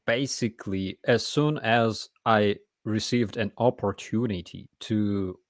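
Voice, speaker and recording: A man's voice: lowish voice, slow pace, dry recording, clean studio sound. A man, hosting a casual live chat and talking in a blunt, emphatic way. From Ukraine. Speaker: host.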